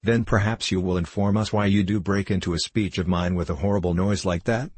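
A man's voice: sits low, steady tone, a little fast, a little mellow, slightly rough, dry recording. A man voicing a pompous, temperamental star actor with icy, theatrical outbursts, in an audiobook reading. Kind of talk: audiobook character voice.

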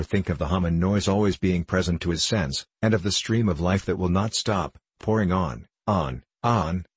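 A man narrating a classic novel in a measured, unhurried storytelling manner. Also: sits low, breathy edge, no room sound.

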